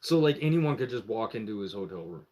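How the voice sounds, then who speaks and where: This man's voice sits on the low side, and he talks quickly. On a live stream, he spins a long, casual story, cursing freely and acting out what other people said. His delivery is animated and profane, and he does the voices of the others.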